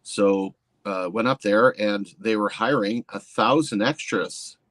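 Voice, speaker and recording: A man's voice: on the low side, measured pace, a bit bright. A man chatting as a guest on a stream, telling a joke with a wry setup. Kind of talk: casual chat, joke telling.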